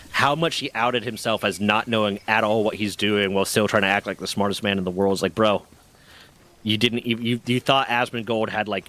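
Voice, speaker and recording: A man's voice: fairly low pitch, fairly bright tone. Profane ranting man in his thirties. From US, Pennsylvania. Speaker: streamer. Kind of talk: casual chat.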